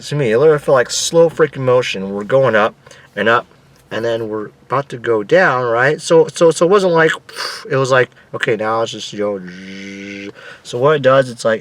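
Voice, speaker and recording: A young man casually telling a story in an excitable, animated way, swearing now and then and acting out his own screams. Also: mid-range voice, no echo. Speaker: vlogger.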